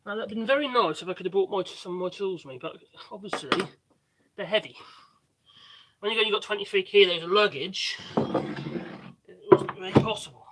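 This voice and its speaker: A man's voice: high voice, fairly quick, long pauses, very noisy. A man hosting a casual live stream while doing DIY work, rambling and hesitant, often muttering to himself as he works. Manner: rambling, hesitant, with many restarts and fillers.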